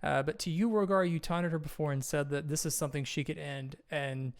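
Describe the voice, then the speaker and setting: A man running a tabletop game as game master, narrating the action and checking rules in a steady, descriptive way. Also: fairly high pitch, brisk.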